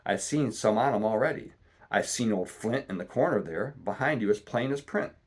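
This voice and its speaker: A man voicing a sick, rum-craving old pirate captain who talks in gruff, salty seaman's slang, reading a storybook aloud. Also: on the low side, animated, moderate pace. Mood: blustering. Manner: gruff salty seaman's talk, pleading then cursing.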